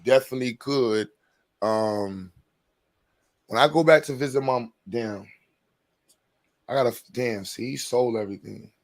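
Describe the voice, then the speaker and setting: A man hosting a casual stream chat, talking in loud, profane, mocking banter. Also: mid-range voice, unhurried, pauses often.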